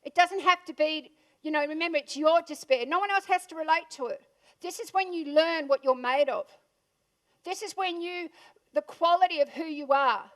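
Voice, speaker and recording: Punchy high-voiced Australian woman speaker. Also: normal speed, fairly bright tone. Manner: punchy, asks the audience questions. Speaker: motivational speaker. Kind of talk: motivational keynote talk. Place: event room before a live audience.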